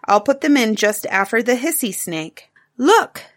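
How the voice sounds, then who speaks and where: A woman's voice: on the high side, expressive, a little slow, no room sound, studio quality. A woman voicing an eager, chattering little cave girl in a storybook reading.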